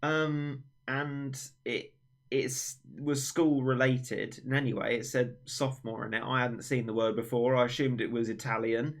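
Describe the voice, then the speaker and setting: A man's voice: mid-range voice, fairly even intonation, a little slow. A young man hosting a livestream, chatting casually in a rambling, self-mocking way. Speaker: livestream host. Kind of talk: casual chat on a stream.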